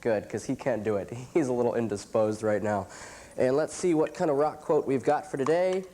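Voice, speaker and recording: A man's voice: mid-range voice, fairly quick. Stuffed-up man hosting a campy show. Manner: jokey, dark-humored, chuckling asides. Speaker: host.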